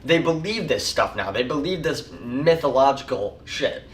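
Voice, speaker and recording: A man talks through a TV show review in a loose, rambling way, leaning on fillers as he goes. His voice sits at an ordinary middle pitch. The room is echoey, and he is some distance from the mic. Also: animated, normal speed. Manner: rambling and chatty, full of "like" and "um". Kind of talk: casual spoken review.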